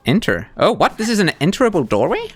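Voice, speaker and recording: A man's voice: high voice, fast talker, husky, no room sound, faint music behind. A man doing live gameplay commentary as a streamer, talking back to the game's characters. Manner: animated, talks to the game characters.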